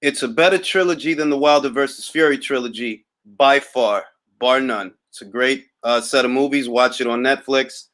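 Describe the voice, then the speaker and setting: A young man from Harlem talks with a relaxed New York accent, hosting a casual boxing livestream. He answers viewer comments in an easy, drawling way that turns wry and a little boastful. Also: medium pitch, moderate pace, hardly any pauses. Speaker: boxing talk host reading live chat.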